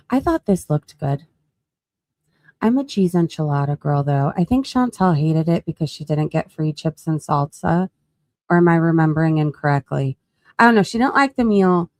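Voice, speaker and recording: A woman's voice: lowish voice, darkish tone, dry recording. A woman chatting casually on a live gossip stream, scrolling and laughing as she talks to her chat. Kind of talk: casual commentary while scrolling.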